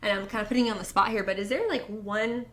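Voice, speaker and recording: Woman host in an echoey room. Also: fairly bright tone. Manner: halting, rephrasing questions. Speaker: podcast host. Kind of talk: casual interview. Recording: echoey room with faint rumble.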